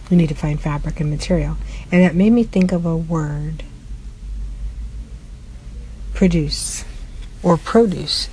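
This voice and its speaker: A woman teaching pronunciation, demonstrating words slowly and deliberately in a casual spoken lesson. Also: sits low, mellow, a little hiss or hum, rough recording. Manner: slow, deliberate word demonstrations.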